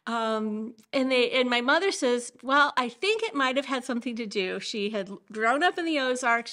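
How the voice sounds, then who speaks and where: Bright-voiced woman recalling family. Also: high voice. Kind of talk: family anecdote.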